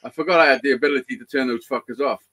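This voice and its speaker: A man's voice: medium pitch, racing, background noise. A man hosting a casual live stream chat, swearing a lot and laughing often.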